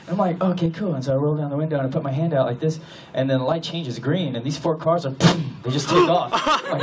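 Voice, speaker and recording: A man's voice: fairly high pitch, animated, fast talker, hardly any pauses. A man from the American South telling a comic story to a convention audience, laughing often and acting out his own panic. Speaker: convention panel guest. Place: large hotel convention room with live audience. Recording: distant audience recording, loud crowd and noise.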